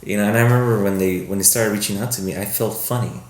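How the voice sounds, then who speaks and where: Film producer guest, male, low register, loose storyteller who acts out quotes; echoey room, faint background noise. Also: quick pace. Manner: rambling, animated, acts out quoted voices. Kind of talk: casual podcast storytelling.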